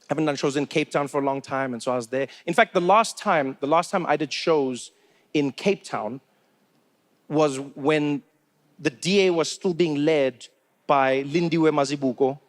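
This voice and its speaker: A man in his thirties with a South African accent, telling stand-up stories. He talks in a chatty, loose way, full of "you know"s, and his voice sits fairly high. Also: normal speed. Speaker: stand-up comedian. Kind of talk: stand-up comedy storytelling.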